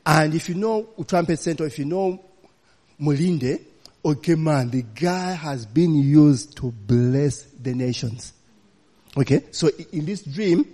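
Male preacher, a touch high-pitched, loose and laughing as he tells stories to the congregation, church hall with reverb. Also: dark tone, breathy edge. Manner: chatty, laughing, peppers lines with "you know, eh?". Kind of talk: storytelling sermon.

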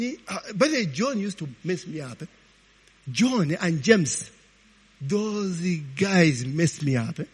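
A man preaching, telling stories in an animated, informal sermon, often tagging lines with "eh?". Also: sits high, slightly rough. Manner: animated, peppers talk with "eh?" and laughs. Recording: long hall reverb.

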